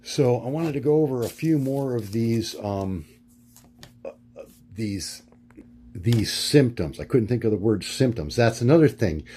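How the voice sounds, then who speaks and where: A middle-aged man talking through his notes in a rambling monologue, halting and full of fillers, often searching for words. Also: mid-range voice, animated, warm tone, a little hiss or hum. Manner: halting, many fillers and restarts. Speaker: vlogger.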